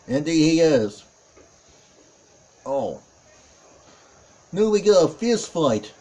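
A man calling a tag team wrestling match play by play, excitable, with frequent exclamations and self-corrections. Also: a little high, slow, pauses often. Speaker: wrestling commentator. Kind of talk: play-by-play commentary.

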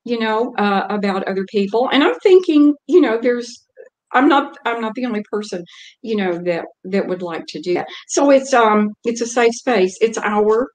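An American woman talking as a guest in a casual interview, earnest and halting, with many fillers. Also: fairly high pitch, animated. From United States. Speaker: guest, community organizer.

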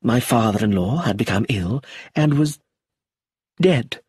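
Poised stage actress in middle age, put on by a husky-voiced male narrator, slow and dignified, pitch swings widely. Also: animated, a little mellow, no echo, clean studio sound. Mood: calm. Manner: slow, dignified, theatrical delivery.

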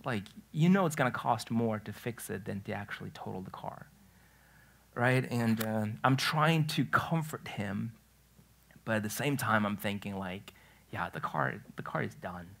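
A man's voice: on the low side, moderate pace, creaky. A man preaching a conversational sermon in a church, telling a personal story in a chatty way and often restarting his sentences. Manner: storytelling, chatty, self-correcting, laughs at his own story. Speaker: pastor. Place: church sanctuary.

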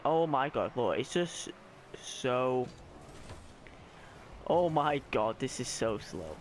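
A young man giving live, excitable commentary on his own gameplay, often shouting and squealing as his voice cracks high. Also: takes it slowly, long pauses, a little hiss or hum. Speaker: gaming YouTuber.

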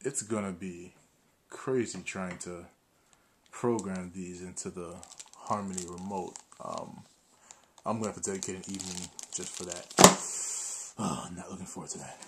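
A man's voice: low voice, steady tone, normal speed, slight background noise. A man casually narrating an unboxing, chatty and playful, with self-mocking asides. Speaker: video host.

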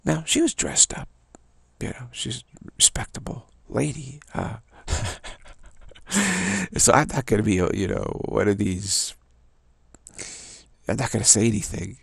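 Older male vlogger, rasping and gravelly, stammering musings, dry close recording. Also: medium pitch, expressive, takes it slowly, long pauses, dry recording. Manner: musing, stammering repeats, tag questions. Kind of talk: rambling spoken monologue.

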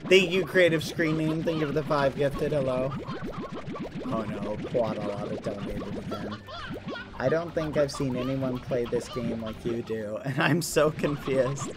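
A man's voice: medium pitch, normal speed, noisy background. A man livestreaming a game, chatting with his viewers in a playful, teasing way, with game music behind him. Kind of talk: casual game stream chat.

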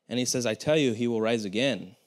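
A young pastor preaching with earnest, conversational energy. He keeps his pitch in a middle range and talks to the congregation in a casual, down-to-earth way. His delivery circles back on itself with restarts and asides. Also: brisk. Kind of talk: sermon.

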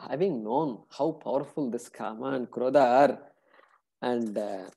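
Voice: mid-range voice, measured pace, vocal fry, dark tone, slightly rough. A scripture teacher giving a class lecture, retelling a story and chanting verses, with many fillers along the way.

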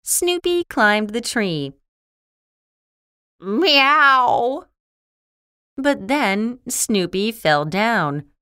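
A woman's voice: mid-range voice, big pitch swings, takes it slowly, hardly any pauses, a bit bright, clear, resonant tone, no echo. A woman narrating a graded reader story for English learners, reading carefully and expressively on a close studio mic.

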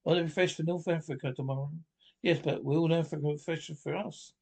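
A man reading a comedy film script aloud, voicing several characters in quick back-and-forth exchanges. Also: on the high side, steady tone, vocal fry, darkish tone, husky.

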